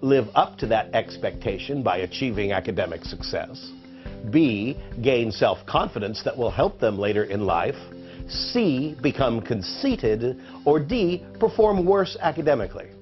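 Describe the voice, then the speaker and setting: A man's voice: medium pitch, sing-song, measured pace. A man narrating an educational video in a playful quiz style. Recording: dull lo-fi audio with faint music.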